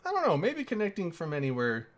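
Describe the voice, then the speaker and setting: A man hosting a casual group chat, excitable and quick to yell and laugh. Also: on the high side. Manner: excitable, yells and laughs often. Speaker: show host.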